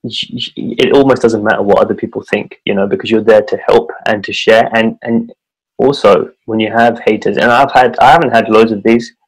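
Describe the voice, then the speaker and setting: Male podcast host, lowish voice, earnest, repeats words as he goes, casual interview. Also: steady tone, a little fast, breathy edge, rough recording. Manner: earnest, repeats words, builds his points.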